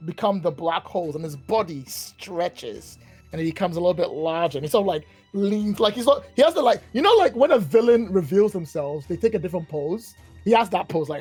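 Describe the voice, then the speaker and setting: Male game master, casual, rambling, lively pitch, husky. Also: fairly quick, soft background music. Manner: animated, casual, rambling with fillers. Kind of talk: narrating a tabletop game.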